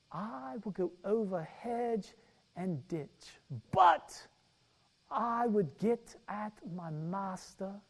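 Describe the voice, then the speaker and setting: A man's voice: high voice, full character voice. A man doing a dramatic reading as an old-time British preacher in a mock British accent that slips toward Irish and Southern drawl. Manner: slow dramatic reading, drawn-out phrases. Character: old-time male British preacher giving earnest counsel. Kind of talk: dramatic reading within a sermon.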